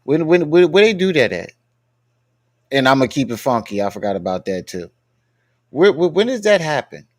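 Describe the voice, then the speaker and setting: A man's voice: mid-range voice, very animated, normal speed, long pauses. Male streamer, blunt profane reaction commentary. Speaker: live-stream host reacting to clips. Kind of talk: casual live-stream commentary.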